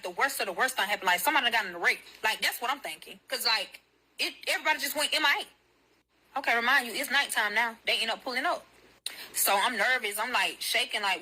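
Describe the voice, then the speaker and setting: Bright-voiced, foul-mouthed woman storyteller. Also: a little high, low-quality recording. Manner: profane, blunt, animated. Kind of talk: casual storytelling to viewers.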